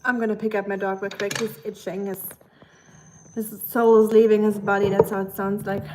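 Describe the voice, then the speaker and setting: Casually chatting on a live stream, a woman from Germany reads viewer comments out loud and peppers her speech with "like." Her mid-pitched voice is flat, at a normal speed, against a noisy background.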